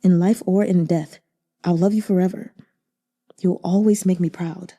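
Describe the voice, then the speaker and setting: A woman voicing a gaunt, devoted male general in a read-aloud novel, speaking softly and earnestly. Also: lowish voice, steady tone, normal speed, voice pushed down, natural voice. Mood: tender.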